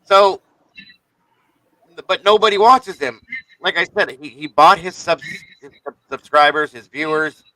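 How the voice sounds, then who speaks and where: A man's voice: on the high side, unhurried, sharp tone, dry recording, poor audio. A man hosting a live stream, ranting in an irritated, profane, rambling way to his viewers. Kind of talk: casual live-stream rant.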